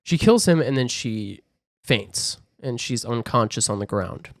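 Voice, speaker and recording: Man recapping a film, animated, mid pitch, dry close recording. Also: no echo. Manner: animated, acts out characters in quick voices. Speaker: podcast co-host. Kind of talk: casual movie recap chat.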